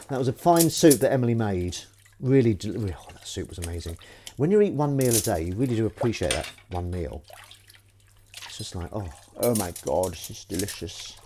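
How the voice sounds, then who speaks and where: A livestream host with a fairly low, mellow voice chats casually and reads viewer comments over the sink in his home kitchen. Running water and clinking cutlery create slight background noise as he washes dishes.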